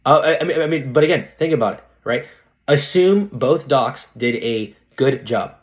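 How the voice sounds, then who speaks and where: Excited young dentist, slangy and quick. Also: male voice, medium pitch. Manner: animated, slangy, says dude a lot. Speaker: guest dentist. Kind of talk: casual interview chat.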